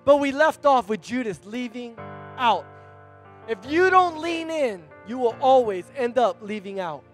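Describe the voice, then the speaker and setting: A male pastor preaching a sermon in a church, animated and conversational, calling out to the congregation. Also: very high voice, a little slow, soft background music.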